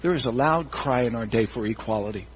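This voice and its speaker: A male pastor giving a sermon in a church, animated and acting out the voices of churchgoers in quick asides. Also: mid-range voice, a little hiss or hum, low-quality recording.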